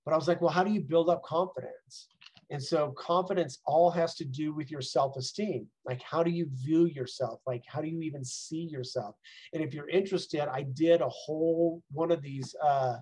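A man's voice: fairly high pitch, moderate pace, darkish tone, breathy edge, low-quality recording. A middle-aged man, a mindset coach, giving a casual, rambling talk from home, full of "like" and "right?". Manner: conversational, rambling, frequent "right?" and "like".

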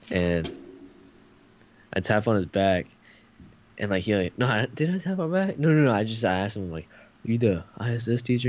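A man's voice: sits low, a little mellow, lo-fi sound. A young man telling a rambling story in casual chat, swearing often and full of fillers. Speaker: podcast co-host.

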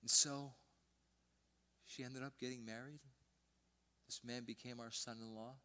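An older man preaching a sermon as pastor, telling a personal story and swinging between loud emphasis and hushed, almost whispered lines. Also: medium pitch, level tone, a little slow. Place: church sanctuary.

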